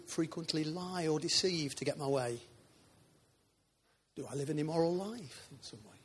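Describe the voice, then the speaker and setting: Husky-voiced man preaching informally. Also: on the high side. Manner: chatty, informal, asides to congregation. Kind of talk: sermon. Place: church.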